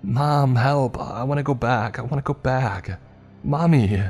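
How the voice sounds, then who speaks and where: A man voicing a panicked young boy stuck in a tunnel, shrill, pleading and breathless. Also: animated, slow, dark tone, soft background music.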